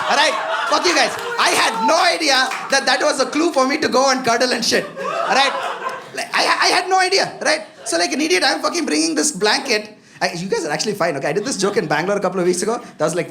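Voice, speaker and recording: Male stand-up comic, loose and profane, live club set with a roaring crowd. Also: extremely high pitch. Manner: loose, profane, chatty, constant "you know" asides to the crowd. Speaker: stand-up comedian. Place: comedy club stage with a live audience. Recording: live club with audience laughter.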